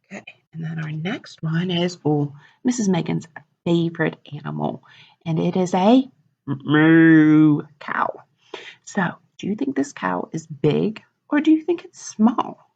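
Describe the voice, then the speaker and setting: A woman librarian reading a picture book aloud at a children's storytime, animated and asking the kids questions. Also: lowish voice, normal speed, gravelly, breathy edge. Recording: dull lo-fi recording.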